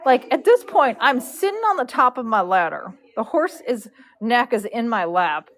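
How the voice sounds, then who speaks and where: Female live-stream host, higher voice, casual and animated storyteller who acts out dialogue. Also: normal speed. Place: barn.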